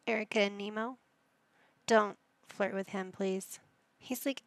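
Woman gamer host, unhurried, dry close-mic sound, casual running commentary talking to her characters. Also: medium pitch, steady tone, dry recording. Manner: chatty, talks to the game characters as she plays. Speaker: gaming channel host. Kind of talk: casual let's-play commentary.

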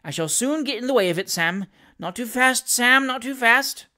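A reader voicing a nervous, eager young gentleman in an audiobook of a classic novel, fussy and pleading. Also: medium pitch, animated, fast, close to an everyday voice. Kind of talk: audiobook character reading.

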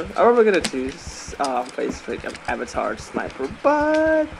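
A gaming host giving casual, playful commentary over a match, swearing and laughing now and then. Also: medium pitch. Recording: loud game noise behind.

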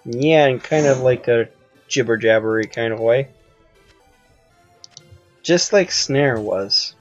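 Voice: medium pitch, slow pace, lo-fi sound, faint music behind. A gamer chatting with friends over voice chat, teasing them and reading out game loot in a playful way. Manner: playful, teasing, narrates game items aloud. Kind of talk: casual voice-chat banter during a game.

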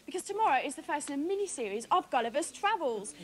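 A woman's voice: sits high, sing-song, fast. A woman co-presenting a children's TV show, chirpy and chatty as she greets guests. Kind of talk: lively studio presenting.

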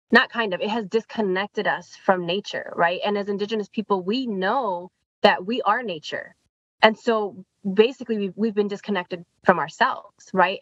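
A woman speaks slowly and with emphasis, returning to key phrases as she reflects in a podcast conversation. Her voice is mid-pitched. The audio is dull and muffled, and the room is dry. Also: dry recording.

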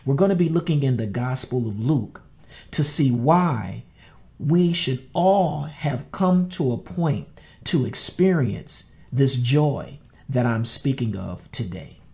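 A middle-aged male pastor delivers his sermon at an unhurried pace. His voice sounds mellow and relaxed. He tells a personal story earnestly and sometimes repeats words as he searches for the next phrase. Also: mid-range voice, creaky. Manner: slow, earnest storytelling with repetitions.

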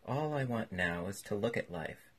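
A man reading aloud and voicing a witty, languid aristocratic gentleman with urbane drawling wit. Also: fairly low pitch, expressive, normal speed, slightly rough.

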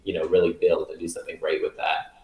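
A man hosting a livestream, a comic teacher with a playful, animated way of talking. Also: sits low, fast talker, crowd noise. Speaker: livestream host and teacher comedian. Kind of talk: hosted livestream. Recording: roomy echo.

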